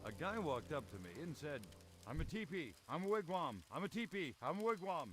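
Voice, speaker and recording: A man's voice: fairly high pitch, big pitch swings, a little fast, a bit bright, soft background music. An actor playing a male fantasy warrior who tells canned jokes in a video game, delivering playful punchlines. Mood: joking. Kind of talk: canned game joke lines.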